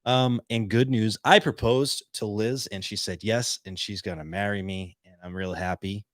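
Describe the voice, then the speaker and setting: A man's voice: fairly low pitch, fairly even intonation, normal speed, no echo. A man hosting his own podcast, talking casually and rambling, with lots of fillers and restarts, close on a studio mic. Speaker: podcast host. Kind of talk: casual solo podcast talk. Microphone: studio podcast mic on boom arm.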